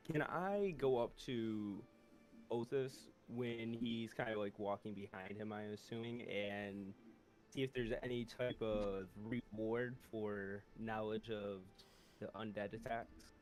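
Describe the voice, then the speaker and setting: A man's voice: lowish voice, slow pace. A man playing in a tabletop game, asking questions and haggling casually. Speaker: player. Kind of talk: casual in-character bargaining.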